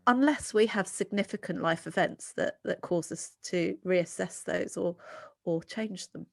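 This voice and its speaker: A middle-aged British woman being interviewed as a psychologist, talking earnestly and animatedly with quick restarts. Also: fairly low pitch, gravelly, a little mellow. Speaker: guest psychologist. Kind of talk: podcast interview.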